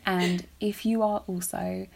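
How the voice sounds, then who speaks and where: A woman's voice: medium pitch, flat delivery, measured pace, vocal fry, a little mellow, slight background noise. A woman, hosting a podcast in casual, rambling chat. She is emotional and self-deprecating and laughs often. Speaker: podcast host.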